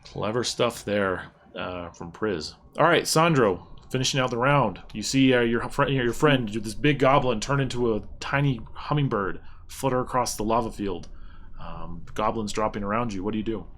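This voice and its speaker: A man's voice: lowish voice, normal speed, a bit bright. A man narrating as game master, describing scenes loosely and explaining the rules as he goes.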